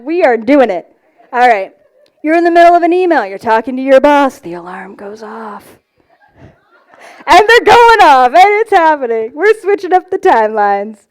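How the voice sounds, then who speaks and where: A woman who is a spiritual teacher, giving an animated, casual expo talk, swearing freely and laughing at herself. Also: sits high. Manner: animated, swearing, self-mocking, laughs often.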